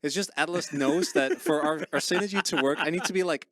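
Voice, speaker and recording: A man casting esports, chatting casually with his co-caster and telling stories in an animated way. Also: brisk, no room sound, clean studio sound. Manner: animated storyteller, voice jumps high when excited. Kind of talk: casual chat between co-casters.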